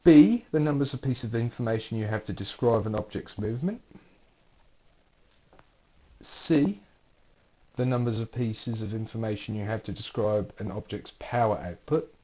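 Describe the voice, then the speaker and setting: A man's voice: fairly low pitch, normal speed, pauses often, warm tone. A man, a university lecturer, reading out multiple-choice quiz questions with playful dry asides.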